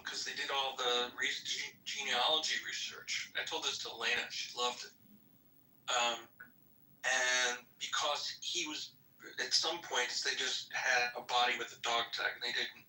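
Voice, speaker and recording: A man's voice: mid-range voice, bright, forceful tone. A man chatting casually, rambling and restarting his sentences. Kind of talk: casual chat. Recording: roomy, distant mic.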